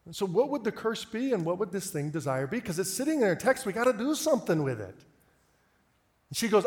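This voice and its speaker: A man preaching a storytelling sermon, lively and acting out the voices of people he quotes. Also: high voice, quick pace. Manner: animated, acts out quoted voices. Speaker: pastor.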